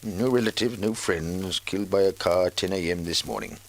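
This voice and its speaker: A brisk police officer in a 1950s radio play. He is businesslike and low-voiced, and a faint hum runs under him. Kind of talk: 1950s radio drama acting.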